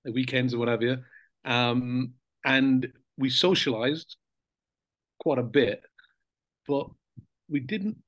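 A man's voice: mid-range voice, slow pace, long pauses, no echo, muffled recording. Older man, interview guest, reflective storyteller, easygoing delivery with ums and chuckles. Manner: relaxed, reflective storytelling with frequent fillers and soft laughs. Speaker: interview guest, former footballer. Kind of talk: casual reminiscing interview.

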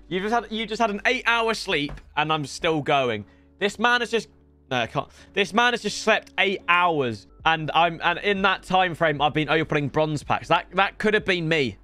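A young man streaming for hours on a headset mic, tired, swearing and bantering with sudden shouts. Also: on the high side. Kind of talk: casual live-stream chat.

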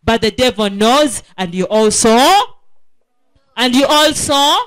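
A woman's voice: a little high, lively intonation. A woman preaching a children's sermon at a school prayer week, asking her listeners questions and repeating key words for emphasis. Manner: slow, emphatic, asks the audience questions. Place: school assembly.

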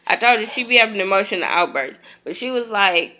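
A woman's voice: mid-range voice, lively intonation, normal speed, pushed and bright. A woman vlogger, sick, giving a blunt, profane, chatty review. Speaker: vlogger reviewing a reality show. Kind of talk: casual spoken review.

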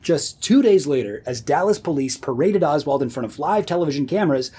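A man who hosts his own video series, narrating history in a comedic scripted style with sardonic deadpan asides. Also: fairly high pitch, a little fast, slightly rough. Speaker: video host.

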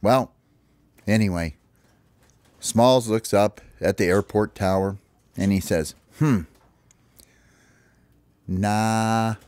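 A man's voice: fairly low pitch, takes it slowly, long pauses, a little mellow, no echo. A father making up a children's story as he goes, rambling and restarting with "well, anyway".

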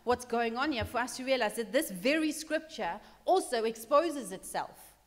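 Woman preaching a lively sermon in a hall. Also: on the high side, moderate pace. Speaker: pastor. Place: church hall.

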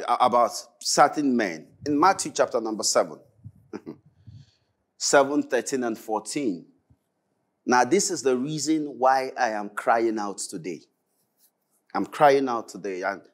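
A male pastor preaching a Bible study sermon with passion, swinging from loud crying out to low, pleading prayer. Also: very animated, unhurried.

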